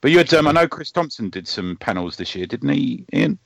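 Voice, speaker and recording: A man's voice: mid-range voice, very animated, brisk, gravelly, a bit bright, no echo. A man hosting a casual chat, telling rambling anecdotes with swearing and frequent laughs. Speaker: podcast host and panel moderator.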